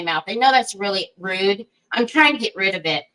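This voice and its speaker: Bright, chatty woman hosting a craft stream. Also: on the high side, moderate pace, low-quality recording. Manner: chatty, greets viewers by name, laughs often; self-deprecating and giggly. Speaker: craft livestream host. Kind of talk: casual livestream chat.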